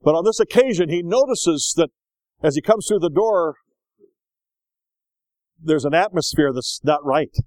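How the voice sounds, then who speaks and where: Folksy older preacher, dry close sound. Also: male voice, on the high side, unhurried, pauses often, dry recording, poor audio. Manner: folksy, animated storytelling with put-on voices. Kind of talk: sermon.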